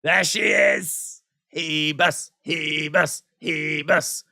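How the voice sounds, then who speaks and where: Male livestream host with a higher, bright voice and dry, close sound; casual chat, reads viewer comments out, teasing. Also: lively intonation, extremely slow, vocal fry, no echo. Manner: playful teasing humor. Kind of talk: live watch-along chat.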